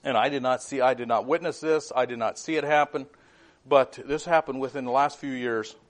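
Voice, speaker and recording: A man's voice: medium pitch, steady tone, a little fast. A man preaching a sermon in an earnest, fervent way, often repeating his words.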